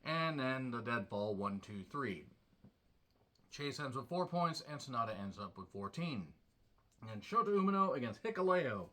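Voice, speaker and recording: Blunt, sarcastic man with a bright voice. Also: medium pitch, very animated, moderate pace. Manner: blunt and sarcastic, with frequent swearing. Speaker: wrestling show reviewer. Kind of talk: casual solo review.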